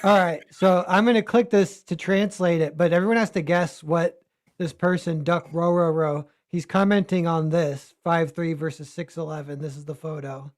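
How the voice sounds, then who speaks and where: A man's voice: on the high side, fairly even intonation, normal speed. A man co-hosting a casual podcast chat over a video call, running a guessing segment in an upbeat way. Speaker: co-host.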